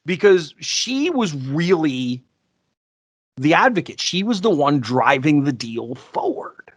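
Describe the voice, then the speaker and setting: A man co-hosting a podcast, telling sales stories in a casual, animated way and acting out the people he quotes. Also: on the high side, slow pace, husky, dry recording. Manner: animated, acts out quoted voices. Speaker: podcast co-host. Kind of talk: casual storytelling chat.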